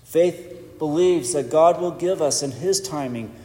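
A man preaching a sermon in a measured, emphatic way with pauses for weight. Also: fairly high pitch, dark tone. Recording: echoey church hall.

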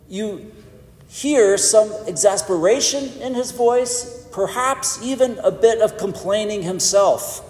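A man preaching a sermon in a measured, emphatic way with pauses for weight. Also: sits high, darkish tone. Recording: echoey church hall.

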